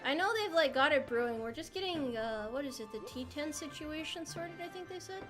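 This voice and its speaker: Her voice sits high, expressive and fairly quick as this young American woman plays a game on stream, joking around with viewers and wandering from topic to topic while reading chat. Music plays behind her.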